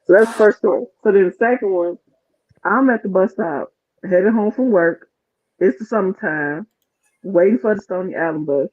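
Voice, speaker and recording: Storyteller, loose and animated, heard over a thin phone line. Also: medium pitch, normal speed. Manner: animated, rambling anecdotes. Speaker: storyteller on a chat show. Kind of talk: casual storytelling.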